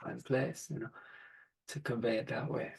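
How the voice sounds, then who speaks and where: A man with a gravelly, husky voice shares stories in a reflective podcast conversation. He talks gently and thoughtfully, taking his time with each point. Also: mid-range voice, steady tone, moderate pace, low-quality recording. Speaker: podcast guest, father.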